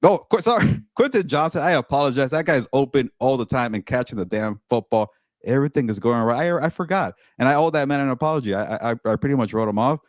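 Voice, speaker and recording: A man co-hosting a casual sports talk show, excitable and quick, often repeating words as he goes. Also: mid-range voice, no room sound, clean studio sound. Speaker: co-host and team reporter.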